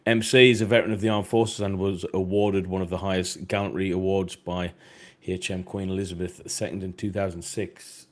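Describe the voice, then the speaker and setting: A man's voice: deep voice, level tone, brisk, hardly any pauses. A man with a British accent hosting a live podcast stream, talking in a hesitant, easygoing way full of fillers. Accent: British English. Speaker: podcast host reading chat. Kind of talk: casual live-stream chat.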